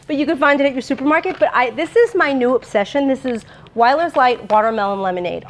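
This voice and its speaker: A woman's voice: a little high, a little hiss or hum. A woman presenting a sponsored cooking demo in a home kitchen, talking in a chatty, bubbly way with lots of fillers. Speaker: brand presenter.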